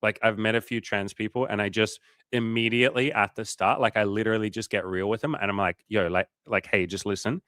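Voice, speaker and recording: A man's voice: on the low side, steady tone, quick pace, a bit bright, clear, resonant tone, dry recording, clean studio sound. An Australian man hosting a casual coaching livestream, reading viewer comments aloud in a loose, profane, filler-heavy way.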